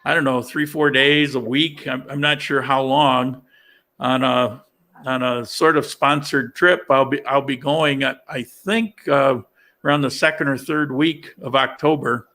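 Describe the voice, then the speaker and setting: Bright-voiced man chatting casually. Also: mid-range voice, fairly even intonation. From upstate New York. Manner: halting, many restarts and fillers. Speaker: livestream host. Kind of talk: casual livestream chat.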